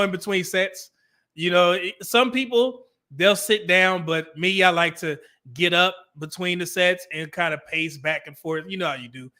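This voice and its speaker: A man's voice: high voice, pushed and bright. A middle-aged man hosting a casual livestream, reading chat comments in a laid-back, chatty way and laughing often.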